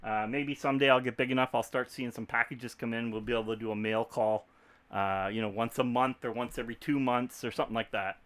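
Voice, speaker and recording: A man's voice: medium pitch, fairly even intonation, quick pace, a bit bright. A man from Texas with a Texan accent, chatting casually to viewers on a livestream, rambling and laughing easily. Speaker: YouTube creator.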